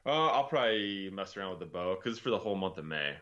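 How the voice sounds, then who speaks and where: A man's voice: sits low, lively intonation, quick pace, sharp tone. A man who is a guest in a casual chat, talking in an easygoing, self-deprecating way. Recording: slightly dull lo-fi sound.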